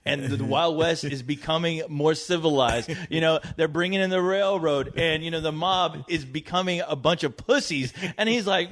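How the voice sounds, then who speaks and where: A man's voice: on the high side, a bit bright. A man co-hosting a film review podcast who talks enthusiastically and profanely in casual chat. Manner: enthusiastic, profane, drawn-out phrasing.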